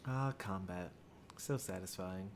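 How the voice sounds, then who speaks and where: A sleepy man in his thirties chats with viewers while playing, musing aloud in a relaxed, rambling way. His voice sits a bit low, close on a desk microphone with a faint hum of noise. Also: a little slow. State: tired, yawning. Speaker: streamer. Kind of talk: casual game-stream chat. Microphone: desk USB microphone.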